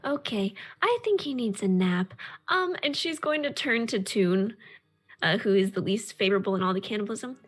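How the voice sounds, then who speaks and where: A woman's voice: medium pitch, lively intonation, normal speed. A woman playing a tabletop game, chatting playfully and worriedly. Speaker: tabletop player. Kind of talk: in-character tabletop play.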